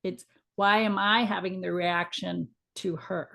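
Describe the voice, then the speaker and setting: A woman's voice: lowish voice, steady tone, unhurried, creaky, bright, forceful tone. A middle-aged woman co-hosting a casual spiritual chat, talking in a frank, reflective way with some mild swearing. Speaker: podcast co-host.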